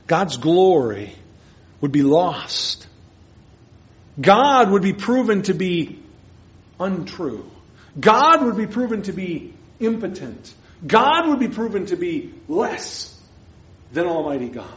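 A man preaching a sermon as pastor, earnest, moving between hushed and emphatic lines. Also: sits high, big pitch swings, takes it slowly, pauses often. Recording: dull lo-fi sermon recording.

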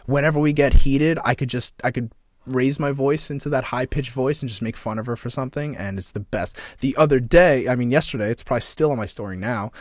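A man talking casually on a podcast, animated and full of swearing. He tells stories and sometimes breaks into squeaky mock voices. The sound is dry and close. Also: a little fast, no echo. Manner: animated storyteller, swears a lot, jumps into squeaky mocking voices. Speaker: podcast co-host.

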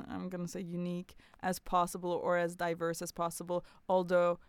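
Chatty woman podcast host with a smooth voice. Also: lowish voice, completely flat delivery, normal speed, dry recording. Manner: chatty, laughs often, frank and playful. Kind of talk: casual podcast chat.

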